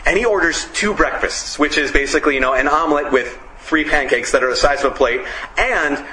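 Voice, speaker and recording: A man giving a casual sermon, telling stories and hammering points with short repeated phrases. His voice is bright and forceful, a touch high. The church around him adds a roomy echo. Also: fairly quick, slight background noise. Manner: animated, storytelling, emphatic repetition. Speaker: preacher.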